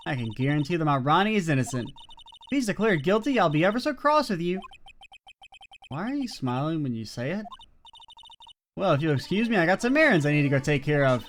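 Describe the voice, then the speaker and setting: A man's voice: on the high side, very animated, brisk, pauses often, slight background noise. A man doing a sugary, doting girlfriend.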